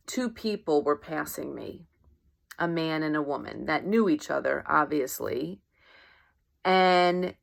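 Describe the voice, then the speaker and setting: A low, creaky-voiced woman works as a life coach, giving a casual motivational monologue. She keeps it conversational, acts out everyday exchanges in quoted voices, and repeatedly asks "right?"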